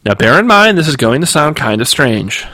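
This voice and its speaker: A man's voice: medium pitch, big pitch swings, moderate pace, pushed and bright, no room sound, voice pushed up. A man reading aloud and voicing a nervous, rambling talking male dog in a storybook. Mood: pleading, nervous. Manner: hesitant and rambling.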